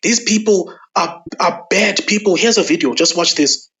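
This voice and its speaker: A man's voice: high-pitched, normal speed. A man giving an angry political monologue to camera, driving points home by repeating himself. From South Africa. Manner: forceful, repeats lines for emphasis. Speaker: political commentator.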